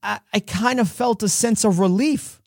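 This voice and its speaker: A man's voice: high-pitched, normal speed, creaky, no room sound, voice pushed up. A sorrowful elderly woman in a nursing home recalls her regrets in a raised, tearful, pleading voice, as a man puts her on. The sound is dry and close, with no room around it. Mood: sorrowful, regretful.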